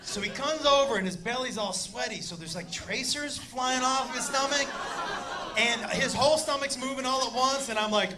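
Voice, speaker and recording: High-voiced male stand-up comic. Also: moderate pace, noisy background. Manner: animated, profane, crowd-addressing. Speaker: stand-up comedian. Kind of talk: stand-up storytelling. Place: comedy stage before a laughing crowd. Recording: live show with loud audience laughter.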